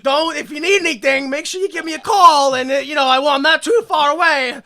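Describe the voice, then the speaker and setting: A podcaster playing a frantic shouting scientist. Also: rapid-fire. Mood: fussy. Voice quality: high, loud and shouting. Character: frantic male scientist, panicky and overbearing. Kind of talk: comedic mock quoting of a film character.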